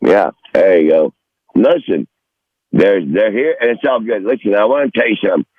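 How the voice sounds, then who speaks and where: A man's voice: on the low side, moderate pace, no echo, narrow, tinny audio. A man in his sixties, a regular comedic guest, ranting in a combative, profane, rambling way on a podcast call. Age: 60s. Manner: foul-mouthed, combative, rambling. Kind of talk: profane rant on a phone-in podcast.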